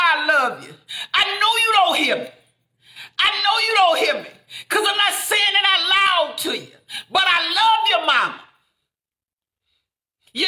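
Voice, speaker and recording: A woman preaching fervently, repeating lines and building up to shouts. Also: extremely high pitch, roomy sound. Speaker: inspirational speaker. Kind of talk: impassioned preaching.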